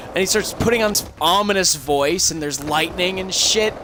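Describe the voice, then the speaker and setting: A little high in pitch, a man talks at normal speed with few pauses as he retells a movie on a game stream. The storytelling is rambling and profane, packed with fillers, and the recording is crackly with noise behind him.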